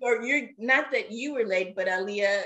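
A woman's voice: on the high side, moderate pace, reverberant, a loud crowd, poor audio. A mother speaking as a guest in a podcast interview, earnest and rambling, fighting back tears as she talks. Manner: earnest, rambling with many fillers. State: tearful. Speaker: guest parent. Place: living in Japan.

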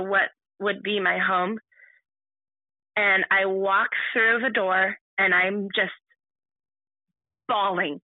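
Woman guest recounting her own past, halting and restarting often; thin phone-line sound. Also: mid-range voice, no echo. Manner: halting, full of restarts and fillers. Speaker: podcast guest. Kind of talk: personal storytelling.

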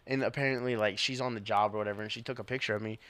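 Young male cop, podcast co-host. Animated storyteller, curses freely, dry close sound. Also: on the low side, rapid-fire, clear, resonant tone, no echo. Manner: animated, swearing, laughing while telling stories. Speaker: police officer, podcast co-host. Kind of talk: casual storytelling chat.

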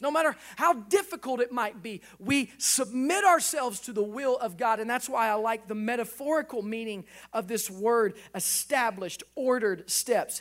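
A man in his thirties, a pastor, preaching a sermon with animated delivery and acted-out dialogue. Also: extremely high pitch.

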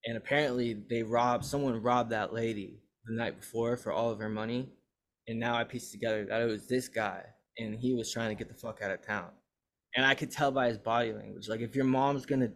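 A young man, a podcast host, telling a long story in casual chat, rambling and cursing as he acts out what others said. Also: medium pitch. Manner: rambling, profane, animated retelling.

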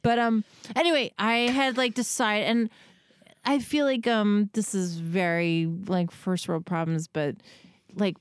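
A woman in her thirties tells a story in loose, rambling chat, putting herself down and swearing as she goes. Her voice is smooth and clear. It sounds close and dry, with no room around it. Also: mid-range voice, fairly even intonation, a little slow, no room sound. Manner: rambling, self-deprecating, swears freely, acts out quotes. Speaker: podcast guest or co-host telling a story.

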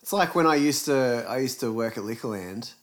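A man's voice: medium pitch, lively intonation, a little fast. An Australian man in casual chat, blunt and swearing freely.

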